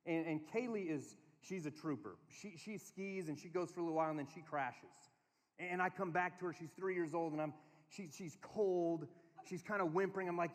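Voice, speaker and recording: A man preaching to a conference crowd, telling family stories in an animated way and giving the room instructions. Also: on the high side, normal speed. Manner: storytelling, animated, quotes his kids in a small voice. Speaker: speaker. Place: large hall. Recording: long hall reverb.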